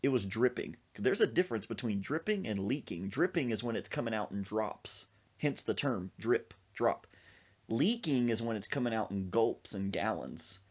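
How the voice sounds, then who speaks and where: A man hosting a podcast, telling a comic story with lots of laughter and acted-out voices. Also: mid-range voice. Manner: animated, laughing, acts out voices. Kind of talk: comedic storytelling.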